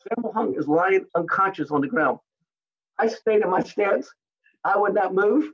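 A man with a high, husky voice tells animated stories from his fighting and film career in an interview, acting out other people's lines along the way. The recording sounds dull and lo-fi. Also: normal speed. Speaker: guest, martial artist and actor. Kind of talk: storytelling interview.

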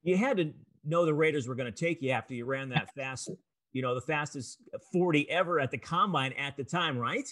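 A man's voice: a little high, a little fast, fairly bright tone. A man hosting a casual interview, asking short conversational questions.

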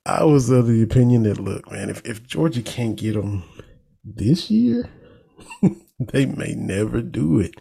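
With a mid-range voice, measured pace, vocal fry and a breathy edge, this Eastern Kentucky talk host offers folksy sports commentary in a country accent. He's casual and animated and chuckles at his own jokes.

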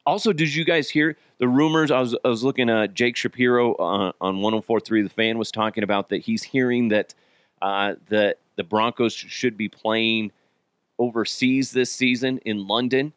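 A man's voice: mid-range voice, a bit bright, no echo. A man hosting a casual solo podcast, rambling and joking at his own expense, swearing freely and laughing often while he's a bit sick. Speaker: podcast host.

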